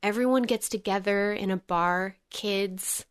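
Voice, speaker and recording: A woman's voice: medium pitch, a little slow, clean tone. An American woman, a young adult, telling a story in casual chat as a guest musician and acting out the quotes. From United States. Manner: lively storyteller, acts out quotes.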